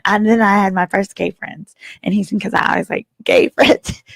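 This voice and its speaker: A woman's voice: medium pitch, unhurried, gravelly, no room sound, clean studio sound. A woman in her thirties, an attorney hosting her show, telling a funny personal story at home and acting out the other people's lines. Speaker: attorney and host. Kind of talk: casual comedic storytelling. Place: at home, her father's house.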